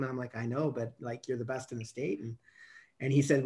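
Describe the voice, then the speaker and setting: A man's voice: medium pitch, fairly even intonation, a little fast. A man in his fifties guests on a podcast as a coach. He tells long stories in a loose, rambling way, full of fillers and restarts. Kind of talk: casual storytelling interview.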